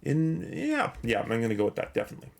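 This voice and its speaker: A man's voice: mid-range voice, huge pitch swings, quick pace, gravelly. A man streaming a game, chatting casually, rambling with many fillers and restarts, a little out of breath as he thanks viewers and reads chat.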